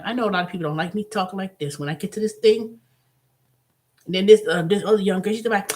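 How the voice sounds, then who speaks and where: A woman hosting her own channel, telling a story in a casual, animated monologue with blunt, profane language. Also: medium pitch, fast talker. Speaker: host.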